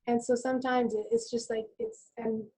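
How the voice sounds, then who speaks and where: A middle-aged woman nurse speaking as a webinar guest, calm and reflective, telling stories from her work. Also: a little high, moderate pace, poor audio. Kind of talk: conversational webinar talk.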